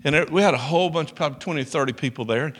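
A middle-aged man preaching a sermon, telling a story with loud emphasis and soft asides. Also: on the high side, very fast. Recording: long reverb of a large hall.

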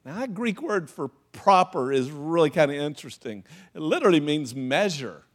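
A man with a fairly high voice preaching to his church in a loose, chatty way. He leans on "you know", acts out little stories with laughter, and keeps the sermon informal. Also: sing-song, normal speed. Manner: acts out anecdotes with laughing asides. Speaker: pastor.

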